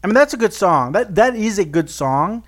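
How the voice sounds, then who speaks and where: A man's voice: sits high, big pitch swings, normal speed. A man co-hosting a podcast, chatting casually in a brash, profane, joking way. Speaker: podcast co-host. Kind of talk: casual chat.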